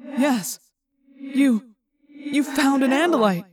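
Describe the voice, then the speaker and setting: A woman's voice: high-pitched, lively intonation, slow, full character voice. A woman reading an audiobook, voicing a teenage boy stuck as a hawk who talks dryly and with understatement. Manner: dry, understated. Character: dry, subdued teenage boy trapped as a hawk.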